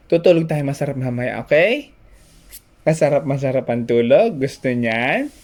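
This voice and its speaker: A young woman, talking baby talk to her infant in a high sing-song coo and laughing often. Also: animated, moderate pace, darkish tone. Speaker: parent of the baby.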